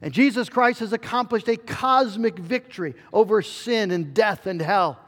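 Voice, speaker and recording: A man's voice: high-pitched, moderate pace, in a large hall. A middle-aged male pastor preaching a sermon in an earnest way, with fillers and restarts.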